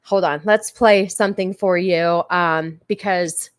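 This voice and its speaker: A woman's voice: on the low side, fairly even intonation, unhurried, smooth. A woman hosting a casual livestream who chats with her viewers. She is blunt, crude and joking, and she thanks her supporters effusively. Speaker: livestream host.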